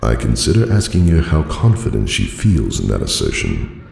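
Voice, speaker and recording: A man narrating a fan audiobook in a dry, formal storytelling manner with a gravelly voice. His voice carries a roomy reverb. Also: a bass voice, wildly swooping pitch, normal speed, darkish tone, soft background music.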